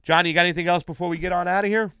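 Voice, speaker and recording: A man's voice: high-pitched, fairly even intonation, rapid-fire, smooth, no echo, clean studio sound. A man hosting a casual political live stream, chatting and reading out viewer comments. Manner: chatty, reads viewer shout-outs. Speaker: political show host.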